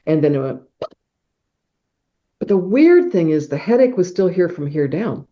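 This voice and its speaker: A woman's voice: fairly low pitch, sing-song, moderate pace, a little hiss or hum. A middle-aged woman telling a personal story as a podcast guest, acting out sounds like whooshes and claps as she goes. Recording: dull, muffled podcast audio.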